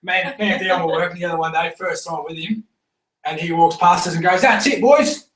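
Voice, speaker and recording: A man telling stories to a group in a casual, animated way, laughing often and swearing freely. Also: sits high, fast talker, recorded from a distance. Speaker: team member giving a testimonial. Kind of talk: casual storytelling talk to a group. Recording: echoey room, recorded from afar.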